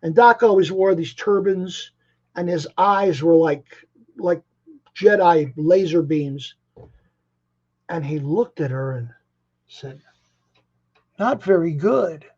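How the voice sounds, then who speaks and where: A man in his seventies from Chicago, a musician guest telling stories in a rambling, animated way, often restarting his phrases. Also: on the high side, slow, long pauses. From Chicago, USA. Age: 70s. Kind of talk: casual interview storytelling. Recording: dull lo-fi audio.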